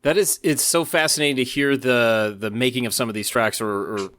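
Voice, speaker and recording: A man hosts a podcast in a relaxed, conversational way. He sounds enthusiastic and thoughtful as he reflects on the music, often nodding along with short agreements. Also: mid-range voice, a little fast, slight background noise. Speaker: podcast host. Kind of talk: casual interview.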